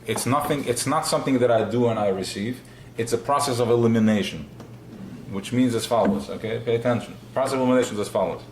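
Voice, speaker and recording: A man's voice: mid-range voice, fast talker, a little mellow, a little hiss or hum. Guy giving a live chassidic class, passionate, keeps circling back, echoey room. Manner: passionate, repetitive, asks himself questions. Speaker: Chassidic teacher.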